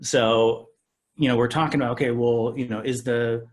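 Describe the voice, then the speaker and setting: A man's voice: mid-range voice, steady tone, moderate pace. A man co-hosting a podcast who chats in an easygoing, agreeable way and tells stories. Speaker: podcast co-host. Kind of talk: casual conversational chat.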